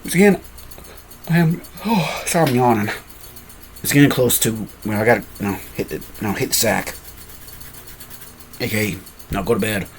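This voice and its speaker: A man's voice: on the low side, moderate pace, long pauses, a little hiss or hum. A man casually telling a fan-made story, rambling and often correcting himself with apologetic asides.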